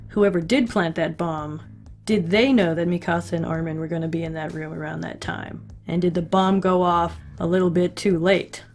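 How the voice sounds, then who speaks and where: A woman talks through an episode recap in a chatty, conversational way, tossing in wry asides. Her voice sits on the lower side, and faint guitar music plays underneath. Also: a little mellow. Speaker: recap host.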